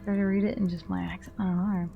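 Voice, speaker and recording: A woman's voice: medium pitch, flat delivery, quick pace, creaky, dull audio, soft background music. A woman with an Australian accent chatting casually on stream, then reading a story aloud with small stumbles. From Western Australia. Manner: chatty, hesitant, stumbles over words when reading.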